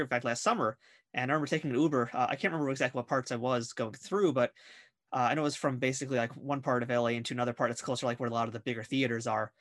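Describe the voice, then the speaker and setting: A man's voice: medium pitch, a bit bright. A man hosting a podcast interview, friendly and a bit rambling as he talks with his guest. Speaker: podcast host. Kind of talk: casual interview.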